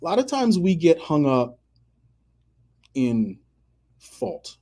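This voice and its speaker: A man's voice: on the high side, big pitch swings, slow, creaky, warm tone. A man hosting a motivational radio show, talking emphatically, repeating key phrases and acting out the people he quotes. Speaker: podcast host.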